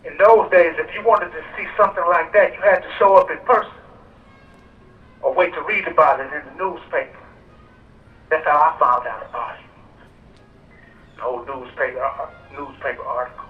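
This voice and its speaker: Male prison caller, measured speech, muffled phone line over outdoor speakers. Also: on the high side, steady tone, roomy sound, distant mic. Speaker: death row prisoner calling into a rally. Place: prison phone relayed to an outdoor park rally.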